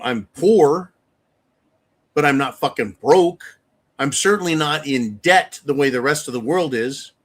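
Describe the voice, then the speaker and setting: A man's voice: a little high, a bit bright. A man hosting his own channel, delivering a heated, profane political rant. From United States. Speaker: channel host.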